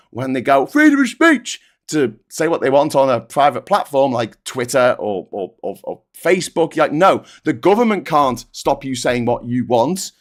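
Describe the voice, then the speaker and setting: A British man hosting a political livestream, talking in a fairly high voice. He rants with animated sarcasm and often stumbles into restarts. The delivery is fired up and direct. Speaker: political commentary host.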